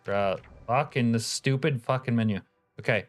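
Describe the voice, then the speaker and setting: A man's voice: on the low side, unhurried, clean tone, faint music behind. A man live-streaming a game, chatting casually, reading viewer comments aloud and swearing offhand. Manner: laid-back, profane, reads chat aloud.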